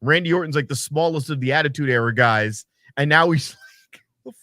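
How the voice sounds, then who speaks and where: A man co-hosting a casual wrestling podcast, animated and profane, slipping into mocking voices. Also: on the high side, brisk, no room sound, clean studio sound. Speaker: podcast co-host. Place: home setup, streaming remotely.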